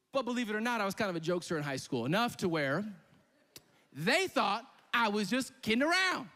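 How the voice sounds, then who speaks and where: A young man preaching with a high, lively voice that swings from joking to shouting. His story rings out with a long reverb, as in a large church hall. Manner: animated and comic, shouting at peaks. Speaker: pastor. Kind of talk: sermon storytelling.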